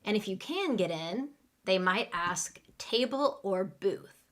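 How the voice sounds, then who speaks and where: A woman teaching English in a live online class, speaking slowly and clearly and acting out restaurant phrases for learners to repeat. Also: mid-range voice, lively intonation, a bit bright. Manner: slow, clear teaching delivery with role-play lines.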